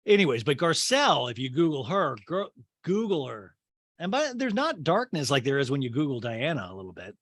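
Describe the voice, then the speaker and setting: A chatty, sarcastic man recapping a show with quick asides. His pitch bounces around a lot, and the recording is close and dry with no room sound. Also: very animated, fairly bright tone, no echo. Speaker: podcast host. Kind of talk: comic recap of a reality show.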